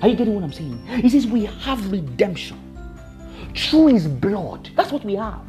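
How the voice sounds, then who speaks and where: Brief: woman preacher, lively swooping delivery, warm dark tone, faint music behind. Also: medium pitch, moderate pace. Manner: emphatic, repetitive, laughs often. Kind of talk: sermon.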